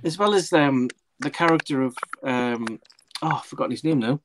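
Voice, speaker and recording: A man's voice: medium pitch, normal speed, noisy background. A man chatting about films on a live stream over a video call, rambling, losing track of names and swearing. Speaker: panelist on a movie live stream. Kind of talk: casual chat.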